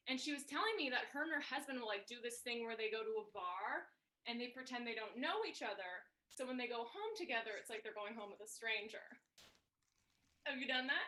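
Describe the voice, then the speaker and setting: A woman's voice: a little high, expressive, fast, bright, forceful tone. A woman comic telling brash, self-mocking stories in a stand-up set over a video call.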